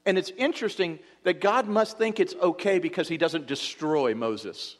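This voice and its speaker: A man preaching a sermon as a pastor, impassioned, his voice swelling and then dropping low for emphasis. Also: expressive, moderate pace. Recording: long hall reverb.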